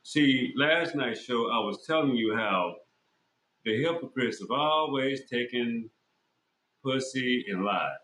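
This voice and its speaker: A man's voice: mid-range voice, lively intonation, takes it slowly, fairly bright tone, a little hiss or hum. A man hosting a podcast, talking in a blunt, profane, rambling monologue full of fillers and restarts. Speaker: podcast host. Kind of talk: casual monologue. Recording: echoey room.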